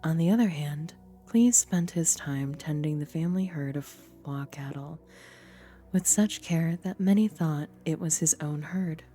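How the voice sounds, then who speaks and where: A young adult woman, a streamer and voice actor, reading game lore aloud in a theatrical, deliberate storybook manner. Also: low voice, warm tone.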